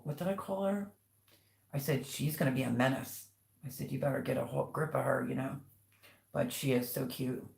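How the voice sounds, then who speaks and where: Older lady chatting on a livestream, gravelly voice, roomy echo, rambly stories. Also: low voice. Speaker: livestream host. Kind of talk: casual chat with live viewers.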